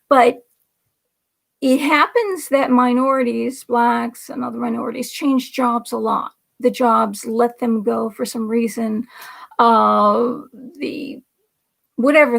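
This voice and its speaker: This livestream host is a woman whose voice is a little high, gravelly and somewhat bright. Her political commentary rambles along in an indignant, sarcastic tone, returning again and again to asides and sometimes sinking into a whisper.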